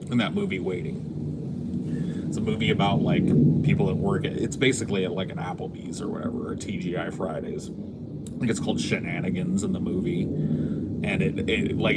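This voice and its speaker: A man's voice: sits low, heavy background noise. A man hosting a podcast, telling a casual, rambling story and laughing along as he goes. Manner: rambling, laughing at his own stories. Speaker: podcast host.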